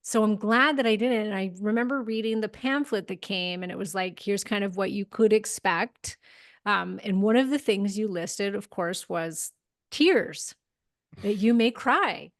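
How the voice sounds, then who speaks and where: Brief: woman podcast host, mid-pitched, casual chatty storyteller, fillers galore. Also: measured pace. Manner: chatty, lots of "like", animated retelling. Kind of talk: casual interview chat.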